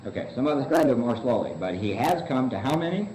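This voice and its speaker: A man's voice: mid-range voice, very animated, fast, noisy background. Man teaching a Big Book study in an echoey room. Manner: asks the room questions and answers them himself, says "see" often. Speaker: study leader. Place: meeting room.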